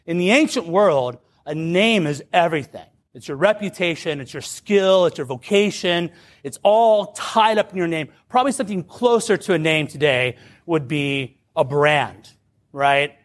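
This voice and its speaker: His voice sits on the high side and moves at a moderate pace as he relates a personal story in a talk. The telling is loose and animated, riddled with "like" and restarts, captured from afar in a roomy space with slight background noise.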